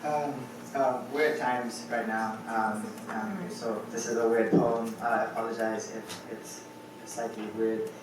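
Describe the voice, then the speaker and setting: A man's voice: lowish voice, level tone, a little slow, heavy background noise. A man performing a spoken word poem on an open mic stage, anxious and ironic, questioning himself. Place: poetry club stage, live audience. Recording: very echoey club room from far off.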